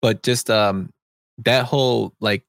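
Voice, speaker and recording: Guy rambling about movies on his podcast, kinda low voice, dry mic. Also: fairly even intonation, takes it slowly, vocal fry, no room sound. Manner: rambling, restarts, reads out film facts. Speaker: podcast co-host. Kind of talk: casual film chat.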